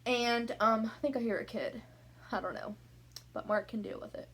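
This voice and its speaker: A woman's voice: on the high side, steady tone, moderate pace, fairly bright tone, husky. A young woman chatting to camera from her room at night, a little out of breath, rambling from topic to topic. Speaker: vlogger. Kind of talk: casual chat to camera. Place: bedroom at home, at night.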